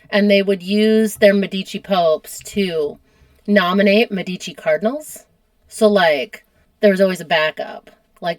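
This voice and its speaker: A woman's voice: on the low side, a little mellow, dry recording. An American woman hosting a podcast, telling history in a casual, chatty way and laughing often. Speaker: podcast host.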